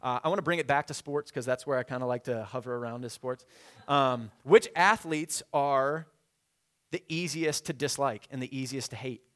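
A man's voice: mid-range voice, normal speed. A young man preaching a sermon as a pastor, in a casual conversational way with frequent fillers. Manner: conversational, many fillers, leads congregation in repeating a verse.

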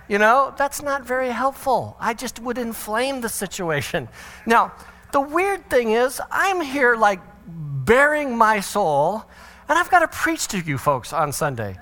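A man's voice: extremely high pitch, sing-song, unhurried, pushed and bright. A middle-aged male pastor giving a conversational, joking parenting talk at church and acting out quotes in changed voices.

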